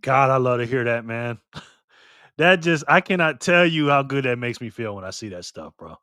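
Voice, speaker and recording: A man hosting a casual livestream, reading and answering the chat excitedly. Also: mid-range voice, normal speed, clean tone, dry recording, studio quality. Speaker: livestream host.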